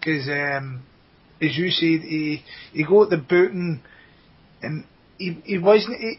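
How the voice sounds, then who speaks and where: A Scottish man hosts a casual football chat, chatty and throwing questions to his co-hosts. His voice is husky and sits a little high. The podcast audio is dull and lo-fi. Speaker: podcast host.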